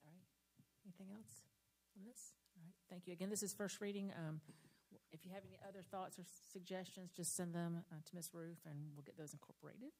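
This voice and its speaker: Board chair, female, lower voice, orderly and businesslike. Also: steady tone, brisk, darkish tone. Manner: orderly, moves agenda along. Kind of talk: chairing a meeting.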